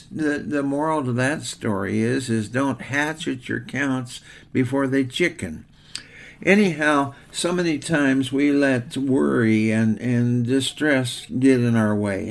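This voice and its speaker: Gravelly older man preaching folksy. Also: medium pitch. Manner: homespun storyteller, rambling with fillers. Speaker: pastor. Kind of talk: folksy devotional sermon with a told story.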